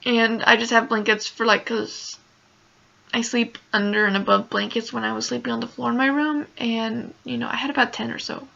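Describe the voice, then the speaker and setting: A young woman recounts a story in a casual home vlog, upset and close to tears, her talk full of fillers. Her fairly high voice is gravelly and bright. The recording sounds dull and lo-fi. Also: flat delivery, normal speed. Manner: emotional, rambling, many "like" fillers. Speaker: vlogger.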